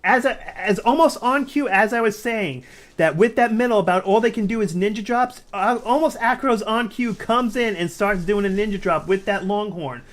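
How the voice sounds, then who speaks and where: A man giving live play-by-play commentary on a strategy game, talking to viewers as guys and building to excited near-shouting at big plays. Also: high-pitched, normal speed. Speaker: game caster.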